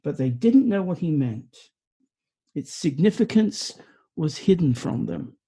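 A man preaching a sermon, earnest and sometimes stumbling over his words, dropping into quiet reflection. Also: on the high side, big pitch swings, unhurried, slightly rough.

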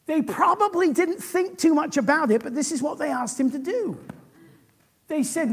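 A man preaching a sermon, animated and often restarting his sentences. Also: extremely high pitch, moderate pace, husky.

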